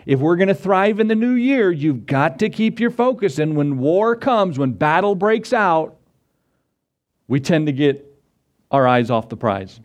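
Male preacher, fairly high voice, sermon delivery, rhetorical questions, slow scripture reading. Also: very animated. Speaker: pastor.

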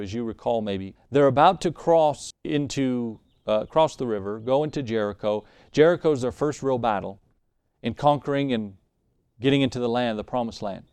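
A man's voice: medium pitch, clear, resonant tone, no echo, studio quality. A man preaching a sermon in a conversational way, reading scripture and acting out what the Bible figures say. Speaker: pastor.

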